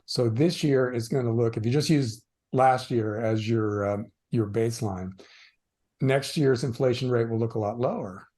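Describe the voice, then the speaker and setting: A man's voice: mid-range voice, normal speed, darkish tone. A man speaking as a guest on an interview podcast, explaining in a casual, dryly ironic way. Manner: dry ironic, hesitant with fillers. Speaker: guest commentator.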